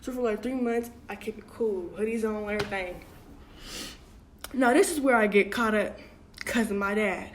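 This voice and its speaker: A woman's voice: medium pitch, normal speed, pauses often, a little hiss or hum. A young adult woman telling a casual storytime, chatty and full of slang, acting out what her family said. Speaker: vlogger.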